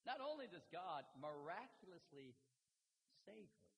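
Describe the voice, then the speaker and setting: A man in his fifties preaching a sermon, swinging from shouted high points down to low, quiet stretches. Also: sing-song, unhurried, creaky. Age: 50s. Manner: dramatic preaching, shouting at climaxes then dropping low. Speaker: pastor. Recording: echoey hall with faint hiss.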